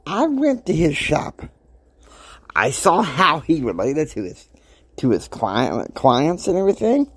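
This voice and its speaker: A man in his fifties hosting a motivational podcast, talking emphatically and preachily. He swings between soft asides and loud outbursts. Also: on the high side, wildly swooping pitch, unhurried, husky, no room sound. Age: 50s. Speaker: podcast host.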